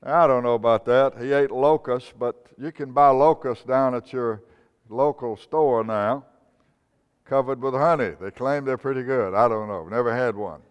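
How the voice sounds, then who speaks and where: A man preaches in a sermon style, lifting each name sharply before letting the line fall low and slow. His voice is smooth and resonant. It rings out with a long reverb, as in a church sanctuary. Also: lo-fi sound. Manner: preaching with emphatic rises on names, then dropping low and slow.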